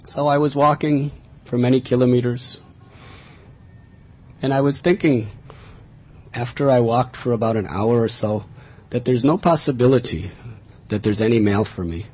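A man from America, telling a personal spiritual story in an earnest, lively way, recorded in a dull, lo-fi recording. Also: mid-range voice, normal speed, husky. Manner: earnest, animated in tellings, chuckling. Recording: dull lo-fi recording with faint hiss.

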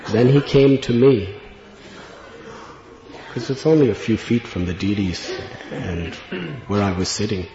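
A man's voice: fairly low pitch, measured pace, pauses often, crowd noise. Earnest guy telling a spiritual story, roomy hall with a long echo, kinda dull lo-fi sound. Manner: earnest, reflective, with gentle laughs. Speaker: spiritual speaker. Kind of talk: devotional storytelling talk. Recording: dull lo-fi recording in an echoey hall with long reverb.

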